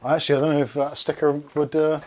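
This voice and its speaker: A man's voice: fairly high pitch, level tone, quick pace, darkish tone. Rambling Englishman chatting through an unboxing. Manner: rambling, jokey, talks to pets and chat. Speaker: tech video host. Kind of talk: casual unboxing chat.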